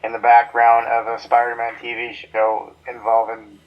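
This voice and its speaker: A man in casual podcast chat who talks hesitantly and repeats himself as he thinks. His pitch sits in a middle range. The recording is dull and lo-fi. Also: completely flat delivery, normal speed. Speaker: podcast co-host.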